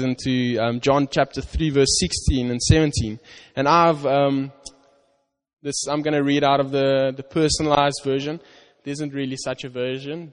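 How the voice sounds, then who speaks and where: A man preaching a sermon, reading scripture slowly and earnestly with stress on "you", often restarting his words. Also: medium pitch. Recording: long hall reverb.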